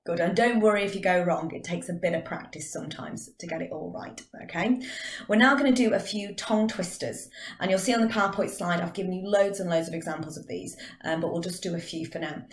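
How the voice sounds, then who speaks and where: A middle-aged woman teaching drama, leading a vocal warm-up with clear, encouraging instructions. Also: fairly low pitch, a little fast. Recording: echoey room.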